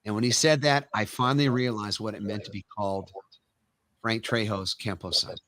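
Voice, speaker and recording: A middle-aged karate master from the U.S. talks at a normal speed in a lowish voice, telling animated, emphatic anecdotes during a casual interview. The recording is free of echo.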